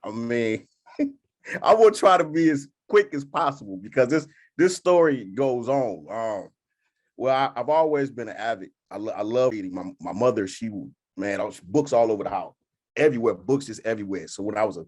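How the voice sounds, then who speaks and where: A man co-owning a bookstore, speaking on a panel in a folksy, halting way, often laughing. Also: mid-range voice, expressive, a little mellow. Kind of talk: casual panel talk.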